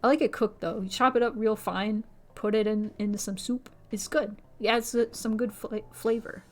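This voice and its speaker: With fairly even intonation and a normal speaking speed, a young woman streamer talks casually to viewers, moving loosely from one thought to the next. Quotes come out in a squeaky, high voice.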